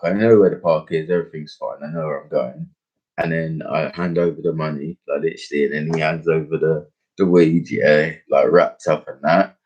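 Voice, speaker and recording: A man's voice: deep voice, a little mellow. A young man telling a rambling personal story in casual slang, full of fillers and restarts. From England. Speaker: podcast host.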